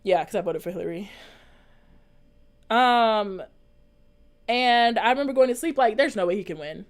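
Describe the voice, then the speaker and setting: A woman's voice: medium pitch, lively intonation, normal speed. Earnest young woman vlogging. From United States. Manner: rambling and earnest, with many fillers and restarts. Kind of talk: casual chat, reading and answering live comments.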